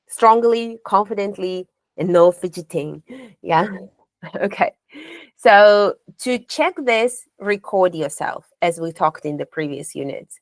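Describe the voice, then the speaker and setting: In this coaching-style lecture on speech delivery, a female contest trainer quizzes her learners with rhetorical questions and models intonation out loud. She has a lowish voice, and there's no room sound.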